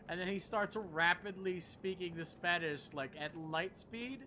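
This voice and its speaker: A man's voice: high-pitched, a little slow, few pauses, background noise. A young man streaming a video game, rambling casually, swearing and chatting to his viewers. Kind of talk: casual gameplay commentary.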